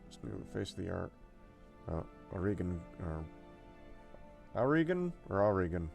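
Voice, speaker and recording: A man's voice: sits low, steady tone, normal speed, vocal fry, dark tone, faint music behind. A man streaming a strategy game, thinking aloud casually with fillers and the odd swear word. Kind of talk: gameplay commentary, reading dialogue aloud.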